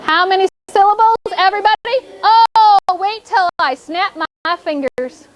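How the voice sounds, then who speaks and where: A woman's voice: very high voice, animated, normal speed, a bit bright, a little hiss or hum, rough recording. A woman teaching a classroom, coaxing pupils through call-and-response prompts. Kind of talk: classroom instruction.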